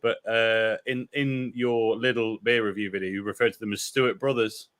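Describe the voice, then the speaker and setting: A man's voice: lowish voice, steady tone, moderate pace, a bit bright, no room sound. British man, wry dry remarks, dead dry sound. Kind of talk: casual banter over drinks.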